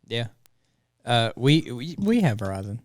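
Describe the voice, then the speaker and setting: A man's voice: medium pitch, very animated, unhurried, dry recording, clean studio sound. A man, co-hosting a casual podcast in an easygoing way, laughing along and explaining details. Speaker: podcast co-host. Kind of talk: casual chat.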